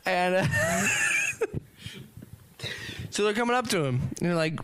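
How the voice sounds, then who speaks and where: A man's voice: high voice, animated, measured pace, pauses often, a bit bright, slight background noise, low-quality recording. A man improvising a rambling comic story as a podcast host, laughing often and swearing.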